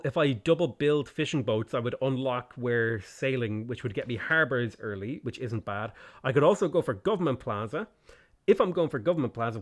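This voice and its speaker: A man streaming a strategy game, thinking aloud about his moves, thanking viewers and laughing often. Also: medium pitch. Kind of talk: casual live-stream commentary.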